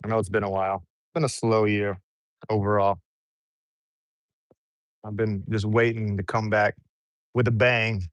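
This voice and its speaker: A man's voice: fairly low pitch, little pitch movement, a little slow, long pauses, no room sound. A young American man chatting casually in a travel eating vlog, laid-back and rambling, with frequent chuckles. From United States. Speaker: travel vlogger. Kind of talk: casual mukbang vlog chat.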